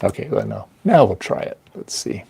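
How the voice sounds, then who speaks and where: A man's voice: lowish voice, big pitch swings, gravelly, mellow, slightly rough, no room sound. A man hosting a live repair stream, talking casually and hesitantly while he searches for a manual. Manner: slow, hesitant, muttering to himself while searching.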